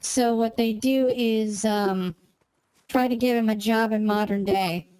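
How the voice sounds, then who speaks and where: A woman's voice: on the high side, steady tone, unhurried, darkish tone, smooth, no echo, poor audio. A woman streamer chatting casually while she plays, rambling and searching for words as she goes. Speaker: gaming streamer. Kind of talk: casual chat while playing a game.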